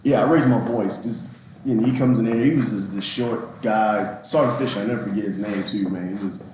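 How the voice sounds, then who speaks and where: A man guesting on a casual interview podcast, speaking in a relaxed, reflective way and chuckling now and then. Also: fairly low pitch, a little fast. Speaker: recruiting training and evaluation NCO, guest. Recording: very echoey room with faint background hum.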